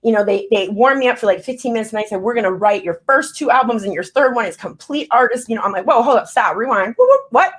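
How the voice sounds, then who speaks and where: A woman's voice: a little high, quick pace, few pauses, fairly bright tone, husky. A woman in her thirties chatting as a guest rapper, telling stories animatedly, acting out quotes and swearing freely. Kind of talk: casual chat.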